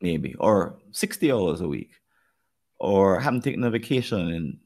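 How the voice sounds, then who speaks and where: Gravelly Jamaican man, thoughtful. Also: sits low, sing-song, a little mellow. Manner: thoughtful, speaks in halting restarts. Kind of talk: podcast conversation.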